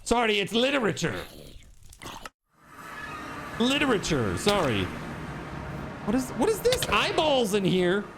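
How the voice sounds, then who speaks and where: Guy streaming a game, chatty and laughy, voice sits a bit high. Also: wildly swooping pitch, unhurried, pauses often, a bit bright, a little hiss or hum. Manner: laughs often while telling stories, reads chat aloud. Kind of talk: casual gaming stream chat.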